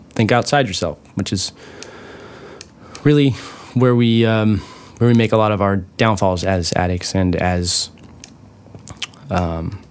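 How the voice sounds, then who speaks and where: A man telling his own recovery story in a casual, rambling way, with many fillers and restarts, swearing now and then and getting animated over the funny parts. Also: fairly low pitch.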